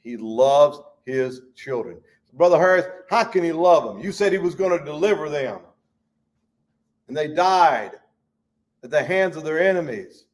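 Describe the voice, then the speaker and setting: Guy preaching bible study, kinda high voice, folksy, gets loud then drops real quiet. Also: lively intonation, unhurried. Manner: fervent, folksy, swings between loud and hushed.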